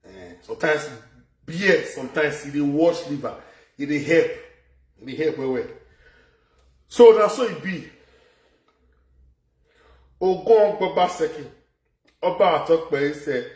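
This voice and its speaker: A man with a Nigerian Pidgin accent rants in a loud, animated commentary with a high-pitched voice. He sits back from the mic in an echoey room, so his voice bounces around him. He repeats phrases as he drives his points home. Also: normal speed, long pauses, recorded from a distance. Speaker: social media commentator. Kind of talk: ranting live video commentary.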